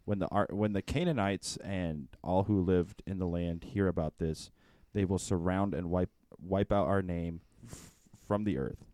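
A man in a study group reading a Bible passage aloud at a steady pace. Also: low voice, measured pace, few pauses, no room sound.

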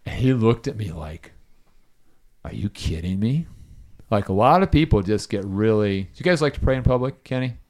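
Lowish-voiced man leading a Bible study. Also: a little fast, hardly any pauses. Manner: animated storyteller, asks listeners questions. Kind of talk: casual Bible study teaching.

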